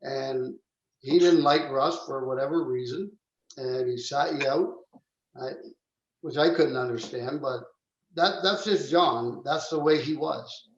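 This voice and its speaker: A man co-hosting a podcast, chatting casually and quickly about a coach. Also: mid-range voice. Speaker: podcast co-host. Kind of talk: casual chat. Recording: dull, roomy lo-fi sound.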